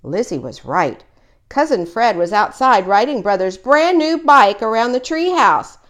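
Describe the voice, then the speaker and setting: A woman's voice: fairly high pitch, very animated, measured pace, fairly bright tone. A woman reading a children's picture book aloud, voicing each character in turn. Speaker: storyteller.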